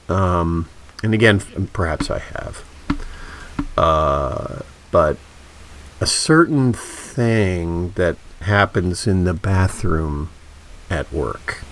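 Man, podcast co-host, low voice, lively intonation, hesitant restarts, wry. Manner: hesitant, self-deprecating storyteller with many restarts. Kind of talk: casual chat.

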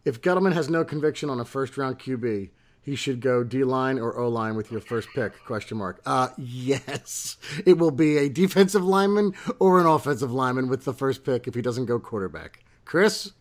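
A man's voice: mid-range voice, animated, normal speed. A man co-hosting a sports podcast, casually reading out listener questions and laughing often. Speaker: podcast co-host.

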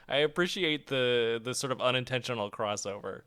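A man co-hosting a casual movie review podcast, animated and laughing often as he talks. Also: mid-range voice, moderate pace, clean tone. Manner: animated, laughs often, bursts into shouted impressions of movie lines. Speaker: podcast co-host.

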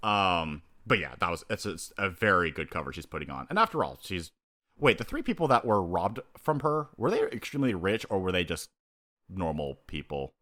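Low-voiced guy chatting casually on a podcast, pitch jumps all over, acts out lines and reactions. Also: moderate pace. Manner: animated, acts out characters' lines and his own reactions, laughs often. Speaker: podcast co-host. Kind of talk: casual chat.

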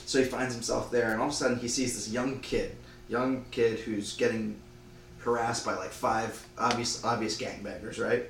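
A man's voice: medium pitch, flat delivery, a bit bright, roomy sound, recorded from a distance, slight background noise, low-quality recording. Rambling man telling a story. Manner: rambling, acts out lines in quick voices. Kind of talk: casual retelling of a made-up movie plot.

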